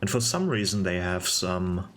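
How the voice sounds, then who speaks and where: A young man giving casual gameplay commentary, musing aloud in a relaxed way with hesitant restarts. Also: low-pitched, moderate pace. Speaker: game video narrator.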